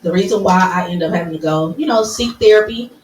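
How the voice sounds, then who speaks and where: A woman's voice: lowish voice, quick pace, a little mellow. Candid chatty woman, roomy distant sound. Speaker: podcast co-host. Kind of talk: casual chat. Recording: roomy, distant mic with faint noise.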